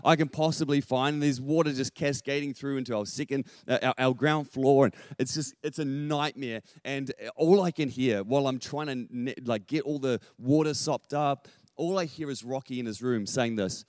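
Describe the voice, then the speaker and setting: A middle-aged man, preaching a sermon and telling a family story with lively acted-out quotes. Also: medium pitch, brisk, no room sound, clean studio sound. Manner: animated, acts out quotes with rising volume. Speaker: pastor.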